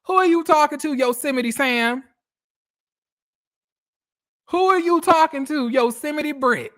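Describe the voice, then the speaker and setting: A woman with a slightly high voice talks through a reality TV episode in a loose, casual recap. She is blunt and animated and swears freely as she gives her opinions. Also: measured pace. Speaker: reality TV commentator.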